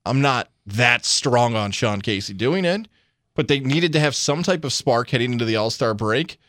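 A man's voice: medium pitch, animated, moderate pace, a bit bright, no echo, clean studio sound. A man co-hosting a sports radio show, giving opinions in casual talk and mimicking imagined conversations.

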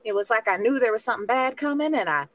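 Woman player, animated pitch, rambling and unsure. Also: quick pace. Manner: hesitant, rambling, laughs easily. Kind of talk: tabletop role-play.

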